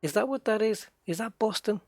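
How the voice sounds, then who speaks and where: This British man, with an English accent and a high, darkish voice, talks fairly quickly while live-streaming a game, chatting loosely with viewers and musing as he plays. The audio has no room sound.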